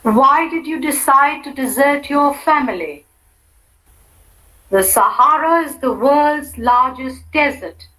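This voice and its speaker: A woman's voice: high voice, expressive, slow, sharp tone, low-quality recording. A woman reading example sentences for a language-lab exercise, carefully enunciated.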